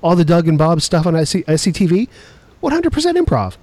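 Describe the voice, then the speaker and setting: A man in his forties co-hosting a casual podcast chat, telling stories in a nostalgic, animated way. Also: fairly high pitch, fast talker, no echo. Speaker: podcast co-host.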